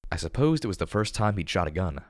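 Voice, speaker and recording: Deep-voiced man reading fiction. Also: sing-song, quick pace, no room sound, studio quality. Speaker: audiobook narrator. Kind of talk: first-person fiction reading.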